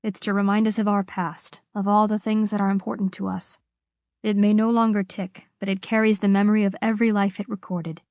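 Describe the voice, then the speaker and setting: Gentle father with a trembling voice, soft and tender, audiobook, voiced by a woman, dry and close. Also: medium pitch, little pitch movement, brisk, no echo, natural voice. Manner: gentle, voice shaking. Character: loving father facing execution, middle-aged man.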